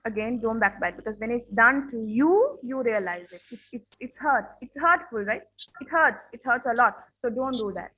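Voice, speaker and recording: A woman's voice: on the high side, expressive, moderate pace, a bit bright, breathy edge, rough recording. A woman teacher giving a classroom lesson on manners, speaking earnestly, repeating her points and checking in with her students.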